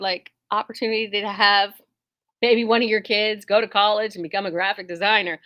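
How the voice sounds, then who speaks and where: A woman's voice: medium pitch, a little fast. A middle-aged woman who owns a quilt shop, chatting casually to viewers, wandering into tangents and poking fun at herself. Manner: chatty, tangent-prone, self-deprecating, lively asides. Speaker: quilt shop owner and host.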